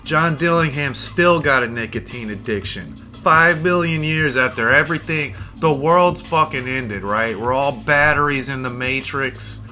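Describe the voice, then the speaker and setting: Podcast host, male, bright forceful tone, rambling profane comic monologue, faint music under the voice. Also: mid-range voice, measured pace, hardly any pauses. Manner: profane, rambling, mock-boastful. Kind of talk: comedic rant monologue.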